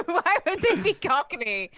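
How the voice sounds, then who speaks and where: Bright, lively woman podcast co-host. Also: extremely high pitch, takes it slowly, no echo. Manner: laughs often, teasing. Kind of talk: casual podcast chat.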